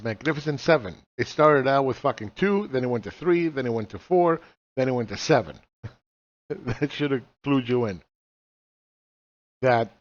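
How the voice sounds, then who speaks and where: Blunt, profane man in his forties. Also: medium pitch. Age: 40s. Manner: blunt and profane, fires rhetorical questions. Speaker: market analyst teaching chart reading. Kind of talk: casual chart walkthrough lesson. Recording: slightly dull lo-fi recording.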